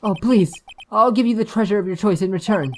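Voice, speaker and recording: A woman's voice: medium pitch, a little fast, darkish tone, slight background noise, voice pushed up, natural voice. A woman voicing a meek, nervous young man who pleads hesitantly in a game dub. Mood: pleading. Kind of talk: video game voice-over dub.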